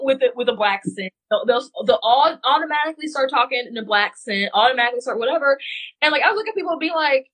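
Husky woman from Missouri, animated storyteller. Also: a little high, quick pace, rough recording. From West Central Missouri, US. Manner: animated, storytelling with many fillers and restarts. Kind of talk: casual conversational podcast.

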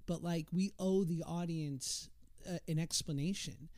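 Chatty man with a mellow voice. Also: fairly high pitch, steady tone, measured pace, no echo. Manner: chatty, self-deprecating storyteller with many restarts and "like"s. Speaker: guest. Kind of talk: casual storytelling on a podcast.

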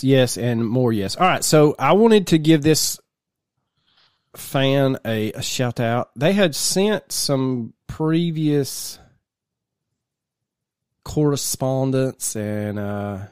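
A man's voice: medium pitch, slow, a little mellow, clear, resonant tone, no room sound, studio quality. A man co-hosting a casual podcast, rambling through stories and laughing often. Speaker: podcast co-host.

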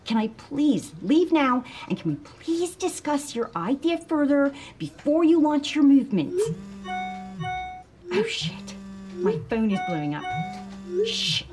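A woman playing an exasperated, hurried young female aide in a comedy sketch. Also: high-pitched, big pitch swings, a little mellow, faint music behind, heavily acted.

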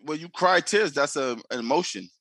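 High, husky man arguing hard. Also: lively intonation, brisk, fairly bright tone. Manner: argumentative, insistent, repeats himself. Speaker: podcast co-host. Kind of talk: heated casual debate.

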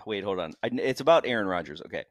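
A man's voice: lowish voice, animated, fairly quick, no echo. A man co-hosting a casual sports podcast who teases his partner and mimics him. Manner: teasing, ribbing his co-host. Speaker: podcast co-host.

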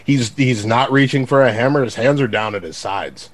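A man taking part as a player in a tabletop game, speaking in a relaxed, hesitant, joking way. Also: medium pitch, moderate pace, no echo. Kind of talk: casual tabletop play.

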